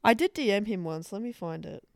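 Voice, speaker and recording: Young woman, podcast co-host, playful and teasing, smooth low voice, dry close mic. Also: expressive, fairly quick, no echo. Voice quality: playful, teasing, laughs easily. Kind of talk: casual chat.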